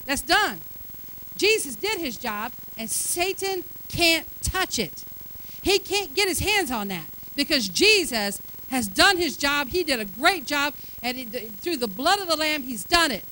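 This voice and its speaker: A middle-aged woman pastor preaching a sermon, acting out everyday lines with animated energy, then turning to a hushed altar call. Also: high voice, unhurried, low-quality recording. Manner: soft, hushed invitation at the close.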